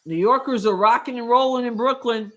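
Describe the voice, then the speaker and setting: On the high side and fairly quick, a woman's voice delivers live reactive commentary at a basketball watch party she hosts. She gets emotional, exclaims often, and protests indignantly about the calls.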